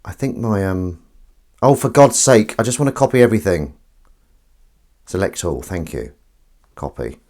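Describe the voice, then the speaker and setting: A man's voice: deep voice, sing-song, normal speed, long pauses, darkish tone. A man hosting a casual live stream from his kitchen, rambling, cutting himself off mid-sentence and swearing casually. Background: faint running water and sink sounds.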